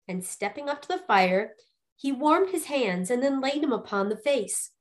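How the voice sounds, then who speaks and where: A woman storyteller reading a ghost fairy tale aloud in an expressive, lively way. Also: high-pitched, moderate pace.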